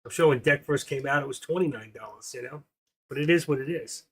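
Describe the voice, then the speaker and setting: A man's voice: medium pitch, a little fast, slightly rough. An older man hosting a trading livestream, chatting in a casual, rambling, jokey way.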